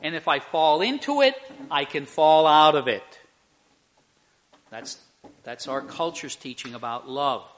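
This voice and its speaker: A man's voice: a little high, lively intonation, unhurried, long pauses, fairly bright tone. An older man preaching a sermon, telling a story earnestly and acting out the people in it. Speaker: pastor.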